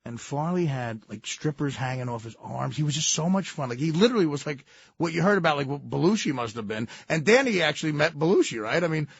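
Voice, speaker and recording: A male radio co-host with a gravelly, husky voice telling a story in a lively, swooping way. He keeps laughing as he talks. The sound is dry and a little dull. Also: a little high, fast. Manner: animated, laughing through his stories. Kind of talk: casual storytelling.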